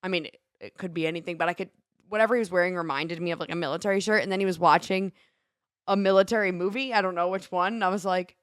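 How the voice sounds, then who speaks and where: Woman cohost gabbing about her weekend, lively storyteller, dead dry studio mic. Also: on the low side, fast talker, clear, resonant tone, no room sound. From Seattle area. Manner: animated storytelling with lively quoted voices. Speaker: radio show co-host. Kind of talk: casual chat.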